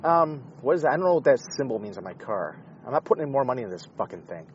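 A man's voice: mid-range voice, sing-song, very fast, dull audio, a little hiss or hum. A man in a car giving a rambling, profane, heated monologue. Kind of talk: casual ranting monologue. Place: inside a car.

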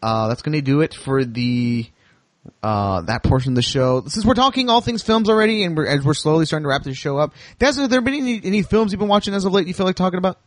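A man hosts a podcast and walks his co-host through the topic with firm opinions, stumbling over restarts as he goes. His voice sits a little high. The room is close and dry. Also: quick pace, no room sound. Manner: opinionated, explaining with frequent restarts. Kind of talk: casual chat.

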